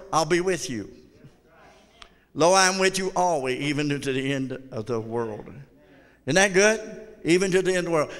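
A man's voice: high-pitched, pushed and bright, clear, resonant tone, in a large hall. A man pastor preaching a blunt, folksy sermon with call-and-response to his congregation. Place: church sanctuary.

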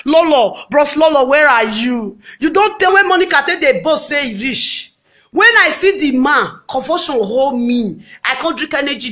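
Nigerian woman, high-pitched, hosting a dramatic scolding live-video rant. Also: expressive, moderate pace. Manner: loud, scolding, dramatic outbursts. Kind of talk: ranting live video monologue.

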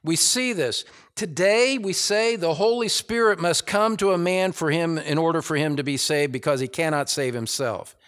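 A man with an American accent preaching a sermon as pastor, deliberate and emphatic, building in intensity. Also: on the high side, fairly bright tone.

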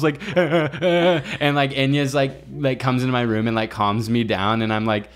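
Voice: medium pitch, moderate pace, hardly any pauses, a little hiss or hum. A podcast co-host in casual chat, telling a story in a laid-back way and dropping in short jokey comments.

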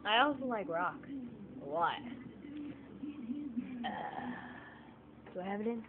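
A woman rants to her phone camera in a lively, up-and-down voice, piling on emphatic repeats. The sound is thin and phone-like, with faint noise underneath. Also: mid-range voice, takes it slowly, pauses often. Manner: animated, exasperated, emphatic repetition. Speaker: vlogger. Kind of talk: casual opinion rant to camera.

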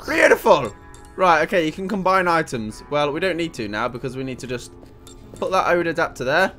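A young man commentating on his own gameplay, loud and joking, laughing and swearing as he plays. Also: a little high, fairly quick, soft background music. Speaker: gaming video host. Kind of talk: let's play commentary.

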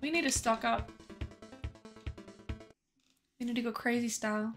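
A woman's voice: on the high side, fairly even intonation, measured pace, a bit bright, faint music behind. A woman streamer chatting casually to her viewers while gaming, swearing freely.

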